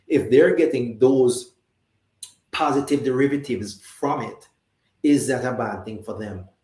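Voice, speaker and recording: A man's voice: mid-range voice, a little slow, darkish tone, reverberant. A man with a Jamaican accent hosting a live talk show, chatting conversationally and reading out viewer comments. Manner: conversational, reads viewer comments, many restarts and fillers.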